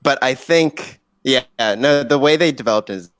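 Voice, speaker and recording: A man's voice: mid-range voice, moderate pace, smooth, no room sound. A male podcast co-host drops wry, offhand remarks into a casual chat. His voice is recorded close and dry, with no room sound.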